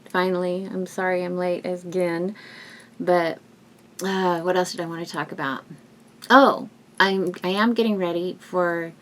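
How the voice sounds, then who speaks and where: A woman with a lowish voice talks to her viewers from home in a loose, heartfelt way. She rambles, restarts her sentences and laughs softly as she goes. A faint hiss sits under the recording. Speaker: YouTube vlogger. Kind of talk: casual heartfelt talk to viewers.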